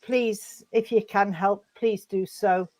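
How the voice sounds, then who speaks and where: A woman leading a mediumship demonstration at a service. She talks in halting bits with many fillers and restarts, and calls people sweetheart. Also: mid-range voice, steady tone, darkish tone.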